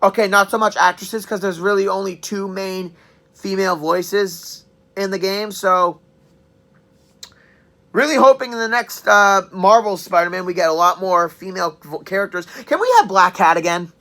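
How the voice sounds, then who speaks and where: A woman in her twenties giving a chatty, joking game review and clearing her throat now and then. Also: mid-range voice, steady tone, normal speed, fairly bright tone. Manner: chatty, enthusiastic, joking asides. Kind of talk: casual spoken review.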